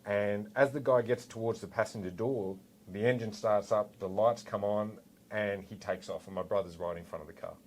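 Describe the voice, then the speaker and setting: A man in his forties with an Australian accent, a former police officer telling a story in a relaxed, animated way with lots of asides. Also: fairly low pitch, moderate pace, slight background noise. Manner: animated, rambling with fillers and asides. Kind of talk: casual storytelling anecdote.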